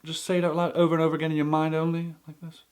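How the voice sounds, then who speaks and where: A man impersonating a soft-spoken male magician who repeats gentle instructions during a mind-reading trick. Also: a little high, completely flat delivery, racing, clean tone, natural voice.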